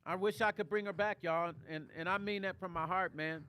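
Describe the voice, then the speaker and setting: A man's voice: high-pitched, steady tone, a little fast, pushed and bright, faint music behind. Tearful man on a livestream. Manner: tearful, heartfelt, reads chat comments aloud. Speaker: livestream vlogger reading viewer comments. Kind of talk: emotional livestream talk.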